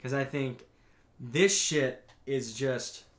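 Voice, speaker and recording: Animated young man recapping an anime. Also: medium pitch, slow, reverberant. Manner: animated recapping, reads out scene quotes, swears freely. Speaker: podcast co-host. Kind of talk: casual chat.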